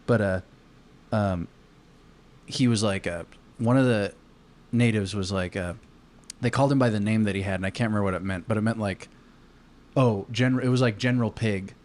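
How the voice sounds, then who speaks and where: A man's voice: on the low side, moderate pace, a little mellow. A man from Arizona telling a long story on a casual podcast, rambling with lots of fillers and swearing. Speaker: podcast co-host.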